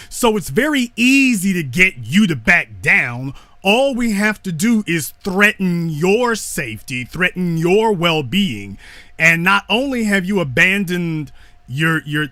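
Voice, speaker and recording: A man giving a slow, deliberate lecture, speaking emphatically and repeating his key lines. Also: sits high, pushed and bright, no room sound.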